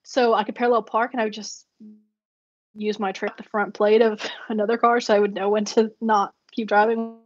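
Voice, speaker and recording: In a dull, dry lo-fi recording with no echo, a woman speaks in a mid-range voice at a moderate pace with flat delivery. She's a vlogger journaling and telling rambling stories casually, laughing often between her fillers.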